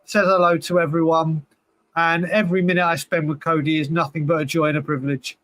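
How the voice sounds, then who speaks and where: Earnest high-voiced male co-host, dry sound. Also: little pitch movement, a little fast, a bit bright, dry recording. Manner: earnest, direct, says "listen" a lot. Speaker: livestream co-host. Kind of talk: casual chat.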